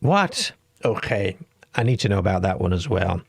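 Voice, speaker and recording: A man's voice: deep voice, fairly quick, gravelly, husky, no echo, clean studio sound. A man from the UK hosting a late-night call-in radio show, chatty and reading listener comments aloud. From United Kingdom.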